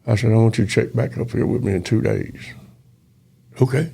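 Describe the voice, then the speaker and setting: In a relaxed interview, the retired cop, an older man, speaks fairly quickly in a fairly low, gravelly voice with a mellow tone. His folksy telling brings the story's lines to life through quoted voices.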